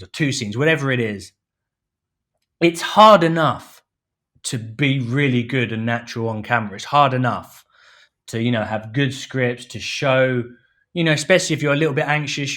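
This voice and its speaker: A man's voice: mid-range voice, a bit bright. A man from London, a film director, talking casually as a podcast guest, full of "you know" fillers and acted-out quotes. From London, England. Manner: chatty, many fillers, acts out quoted speech.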